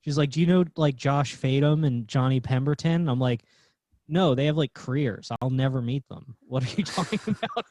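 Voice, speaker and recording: A man's voice: medium pitch, moderate pace, darkish tone, no echo. Young comedian guy, chill and self-deprecating, dry studio. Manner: laid-back, self-deprecating. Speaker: guest, stand-up comedian. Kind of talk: casual chat.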